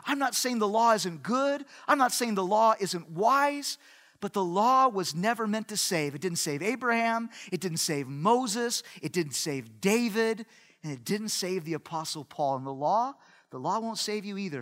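Man, preacher, animated sermon with jokes, high voice, long echoing hall. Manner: animated preaching with humorous asides.

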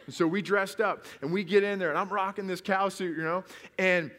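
Earnest preacher man, slightly high voice. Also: steady tone, a little fast, a bit bright, in a large hall. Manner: storytelling with rhetorical questions; earnest, builds to emphatic peaks. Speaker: pastor. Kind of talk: sermon. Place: church service.

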